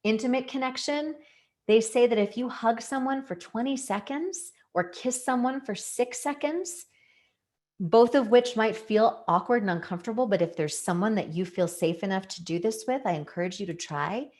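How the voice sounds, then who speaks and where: A woman's voice: fairly high pitch, moderate pace, darkish tone. A woman giving an educational talk, explaining things earnestly and leaning on key words for emphasis. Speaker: presenter.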